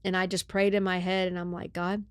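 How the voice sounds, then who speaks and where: A woman's voice: on the low side, quick pace, clean tone, no room sound. A woman hosting a podcast, telling a story in casual chat, often saying "right?" and "like". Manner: animated, often says "right?" and "like". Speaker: podcast host.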